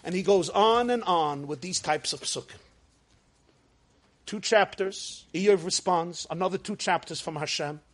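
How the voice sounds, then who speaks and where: High-voiced man teaching scripture. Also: a little slow. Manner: emphatic, repeats words for stress. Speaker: Torah teacher. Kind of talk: scripture lecture.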